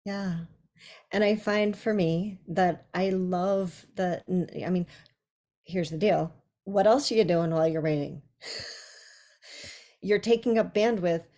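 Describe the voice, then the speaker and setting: A woman's voice: lowish voice, slow, long pauses, mellow. A woman co-hosting a podcast, musing reflectively in casual conversation. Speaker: podcast co-host.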